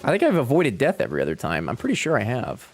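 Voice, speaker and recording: Streaming a game from home, a man speaks fast in a medium pitch that swoops wildly, with a little hiss or hum on the audio. He chats casually with viewers, jokes with lots of swearing, and talks back to chat.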